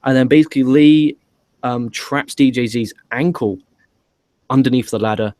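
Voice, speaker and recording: Man, podcast co-host, dry, matter-of-fact recap, mid pitch, dead room. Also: moderate pace, darkish tone, no room sound. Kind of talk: recapping a wrestling show.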